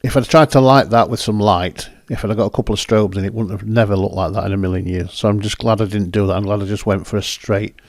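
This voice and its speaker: A man's voice: fairly low pitch, steady tone, quick pace, few pauses, no echo, clean studio sound. A man hosting, chatting casually and rambling as he talks through his photos. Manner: rambling, self-correcting, chatty. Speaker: photographer and host. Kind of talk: casual commentary over photos.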